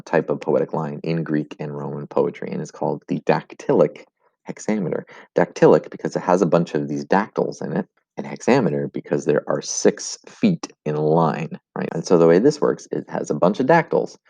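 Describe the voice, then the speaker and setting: Very deep male Latin teacher, plain lesson delivery, muffled lo-fi sound. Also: lively intonation, brisk, vocal fry, mellow, dry recording. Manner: explains step by step, with fillers and restarts; chants rhythms as "bum, bum". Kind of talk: recorded video lesson.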